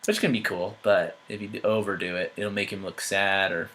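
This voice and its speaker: A man giving an art critique, talking through changes thoughtfully with many pauses, fillers and restarts. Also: deep voice, steady tone, fairly bright tone, low-quality recording. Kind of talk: painting critique while editing on screen.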